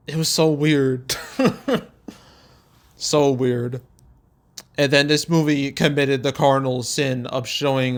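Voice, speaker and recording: A young man rants casually about a film he disliked, sounding exasperated and breaking into laughter between complaints. His voice sits at an ordinary middle pitch, and his talk is loose and profane. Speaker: host. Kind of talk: casual movie review talk.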